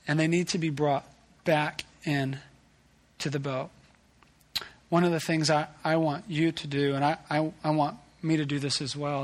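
A man delivers a church sermon in an earnest, conversational way. His voice sits a little high for a man. He often restarts his sentences as he speaks to the congregation. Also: a bit bright. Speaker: pastor. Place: church service.

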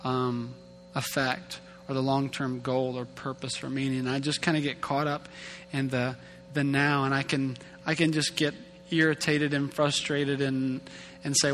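A man's voice: medium pitch, little pitch movement, measured pace, a bit bright. A man in his thirties preaching a sermon as a pastor, casual and self-deprecating, often repeating and restarting his words. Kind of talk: conversational sermon. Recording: long hall reverb with faint hum.

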